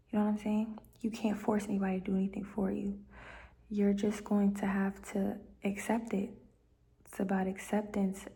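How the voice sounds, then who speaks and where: Soft-spoken woman with a gravelly voice. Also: mid-range voice. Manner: rambling, many fillers, slips into whispers. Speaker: vlogger giving life advice. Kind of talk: casual heartfelt monologue. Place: at home.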